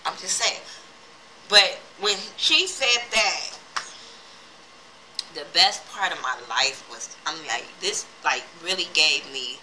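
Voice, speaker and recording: A woman's voice: lowish voice, animated, slow, pauses often, pushed and bright, a little hiss or hum, low-quality recording. A woman recapping a TV episode in casual, profane commentary, reacting heatedly and retelling scenes. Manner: retells scenes quoting characters. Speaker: TV episode reviewer.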